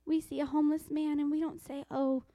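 A woman preaching a sermon, reading scripture slowly and dropping into hushed whispers for emphasis. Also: high voice, level tone, dry recording. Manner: quotes scripture in a slow, deliberate voice.

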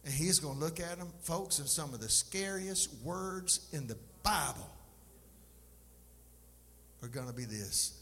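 A man's voice: fairly high pitch, expressive, measured pace, pauses often, bright, forceful tone. A man preaching a sermon as pastor, emphatic and impassioned, with folksy asides to his congregation. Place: church sanctuary. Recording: live church recording, long reverb, faint noise.

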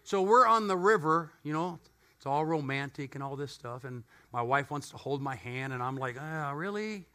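A middle-aged male pastor preaching a sermon in a church, telling stories with animated energy and joking asides. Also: mid-range voice, normal speed.

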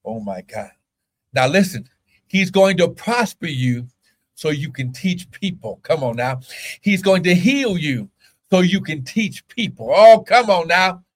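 Casting note: man with a high voice, preaching a fiery online sermon, slow and deliberate, veering from shouts to near-whispers. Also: big pitch swings.

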